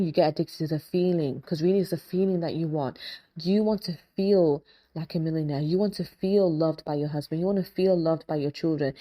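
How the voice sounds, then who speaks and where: A woman hosting a faith-based motivational talk, animated and casual, often acting out inner dialogue. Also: lowish voice. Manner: casual, repetitive affirming delivery. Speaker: host, hypnotist and life coach.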